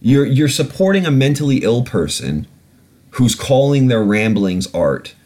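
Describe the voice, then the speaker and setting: A man's voice: mid-range voice, measured pace. A man in his thirties hosting a podcast, ranting casually and profanely with many restarts. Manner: animated, profane, rambling with restarts. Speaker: podcast host. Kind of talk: casual monologue. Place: lives in London.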